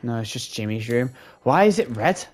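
A man's voice: mid-range voice, expressive, normal speed, a little mellow. Jumpy, swearing gaming commentator man. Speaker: gaming channel host. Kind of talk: let's-play commentary.

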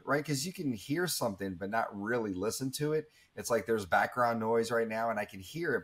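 A man's voice: medium pitch, breathy edge. A man in his thirties, telling a personal story in an interview in an earnest, reflective way, with many fillers and restarts. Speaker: guest speaker.

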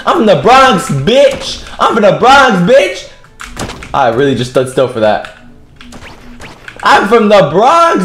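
A man putting on the voice of a sassy young woman, brashly trash-talking in a shrill voice. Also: fairly bright tone, reverberant, slight background noise, full character voice.

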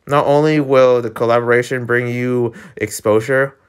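A man doing a calm, encouraging talent manager. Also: mid-range voice, moderate pace, clean tone, natural voice. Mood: reassuring. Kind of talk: webtoon read-aloud.

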